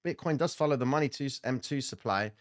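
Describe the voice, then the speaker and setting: A man's voice: medium pitch, fast talker. Casual chatty male market commentator. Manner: casual, chatty, answers live chat comments; blunt and slangy. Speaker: trading stream host. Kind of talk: live market commentary chat.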